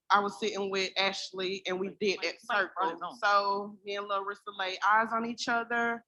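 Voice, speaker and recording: A woman from South Carolina with a bright, forceful voice at a middle pitch tells a chatty story to a live crowd. She speaks earnestly and acts out both sides of a conversation. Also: a little hiss or hum. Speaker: event attendee. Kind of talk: telling a story to a live audience.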